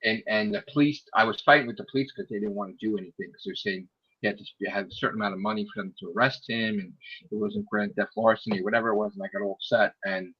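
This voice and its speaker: A man telling a story in casual chat, swearing a lot and acting out the people in it, sometimes shouting. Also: lowish voice, fast talker, husky, highs cut off. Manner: animated, profane, acts out quoted people in raised shouting voices.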